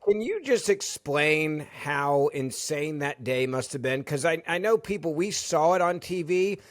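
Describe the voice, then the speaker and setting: A man's voice: fairly high pitch, lively intonation, measured pace, no echo, clean studio sound. A man co-hosting a political interview, asking questions casually. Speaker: co-host.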